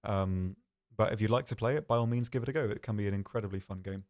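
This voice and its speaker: A young man hosting a live stream, answering chat questions in a calm, soft-spoken, dry and self-deprecating way. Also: on the low side, fast.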